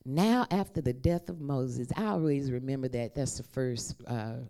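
A woman's voice: extremely low pitch, normal speed, dark tone. A woman preaching a conversational sermon and calling on the congregation to repeat her words. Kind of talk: sermon with call and response.

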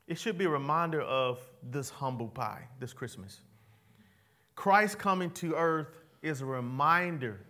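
A man's voice: on the high side, a bit bright. A man preaching a sermon, speaking casually with slang and calling on the congregation to repeat words back to him. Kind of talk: sermon with call-and-response.

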